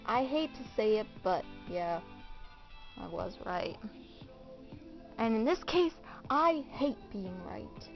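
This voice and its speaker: A woman's voice: fairly high pitch, big pitch swings, slow pace, gravelly, pauses often, muffled recording, faint music behind, heavily acted. A girl voicing a worried, sensible girl who sighs and hesitates. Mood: fretful. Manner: sighing, hesitant.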